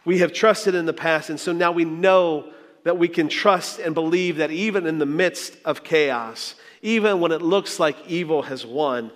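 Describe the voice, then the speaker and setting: Guy preaching in a church, kinda high voice, earnest, lots of hall echo. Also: moderate pace. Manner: earnest, reflective storytelling with small restarts. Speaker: pastor. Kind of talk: sermon. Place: church sanctuary. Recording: long hall reverb.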